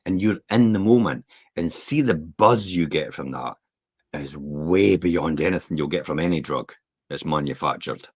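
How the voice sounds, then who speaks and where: A man co-hosting a casual podcast chat, talking in an emphatic, animated coaching manner. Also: rumbling low, moderate pace, breathy edge, dry recording, dull audio. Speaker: co-host.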